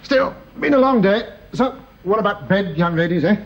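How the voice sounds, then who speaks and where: A man's voice: sits high, expressive, normal speed, dull audio. A kindly upper-class father. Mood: reassuring. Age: middle-aged. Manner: gentle, jovial. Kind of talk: 1930s-set radio drama.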